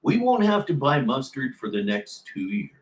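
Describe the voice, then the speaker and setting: A man's voice: mid-range voice, very animated, moderate pace, reverberant. A man hosting a livestream, chatting casually and sarcastically, rambling between played clips. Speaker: livestream host.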